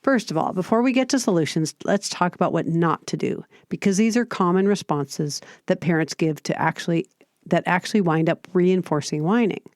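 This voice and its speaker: A woman hosting a parenting podcast, giving scripted advice in a calm, steady, explanatory way. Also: on the low side, fairly quick, no room sound, studio quality. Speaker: podcast host.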